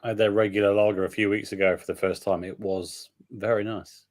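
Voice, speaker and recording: A British man co-hosting a beer live stream, rambling and self-deprecating, often trailing off quietly. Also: on the low side, flat delivery, brisk. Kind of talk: casual chat.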